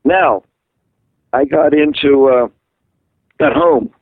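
Older massachusetts guy calling in, halting rambly storytelling, phone-line sound. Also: a little high, wildly swooping pitch, creaky, husky, dry recording. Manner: halting, repeats words and restarts. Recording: tinny phone line on radio.

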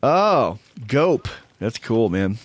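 A man's voice: mid-range voice, very animated, extremely slow. A middle-aged man hosting a casual podcast chat, rambling and teasing with jokes. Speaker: podcast host. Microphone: studio mic.

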